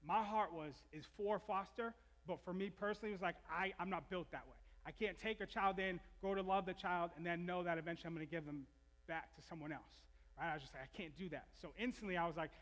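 A man preaches to his church, his voice sitting high for a man. He tells his own story in a candid, confessional way and keeps restarting his sentences. The sound carries a long reverb from the big church hall. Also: a little fast, fairly bright tone. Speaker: pastor. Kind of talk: sermon.

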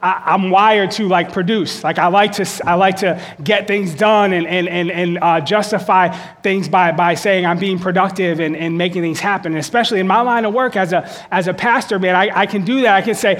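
A man's voice: high voice, fairly quick, hardly any pauses, a bit bright. A male pastor giving a conversational sermon. He repeats words and often checks in with "okay?".

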